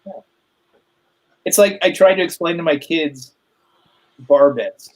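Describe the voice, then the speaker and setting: Middle-aged male guest, fairly high voice; rambling anecdote teller on a video call. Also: unhurried, low-quality recording. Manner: rambling anecdotes with fillers and laughs. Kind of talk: casual storytelling chat.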